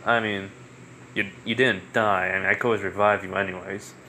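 Fan story: cool, aloof male hedgehog speedster, voiced by a man, bright-toned and dismissive. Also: lowish voice, steady tone, fairly quick, a little hiss or hum, pitched below the performer's own voice.

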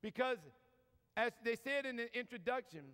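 A man's voice: extremely high pitch, moderate pace, bright, forceful tone, clear, resonant tone. A man with a New Orleans accent, a priest giving a folksy, joking talk to a large audience. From New Orleans, USA. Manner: folksy, joking, lots of y'all. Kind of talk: preaching talk with humor. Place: large convention hall. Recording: long reverb from a large hall.

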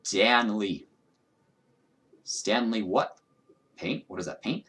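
A man's voice: on the low side, slow, fairly bright tone. A young man giving casual, profane, self-mocking commentary while playing a video game. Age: young adult. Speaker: gaming YouTuber. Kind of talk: let's play commentary.

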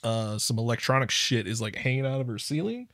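A man co-hosting a movie podcast, calmly laying out the plot in casual chat. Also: medium pitch, brisk, no echo, clean studio sound. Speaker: podcast co-host.

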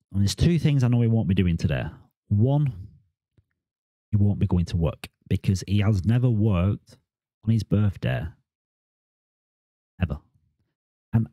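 A man's voice: on the low side, mellow, dry recording. A man, talking to camera in a casual, rambling vlog monologue and often repeating words and restarting his sentences. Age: 40s. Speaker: crypto vlogger.

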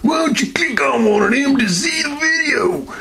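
A man voicing a grumpy, crude talking ice wall in a homemade toy skit, with a gravelly voice. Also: expressive, moderate pace, shouting, crowd noise, heavily acted. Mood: exasperated. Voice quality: gravelly, swinging pitch.

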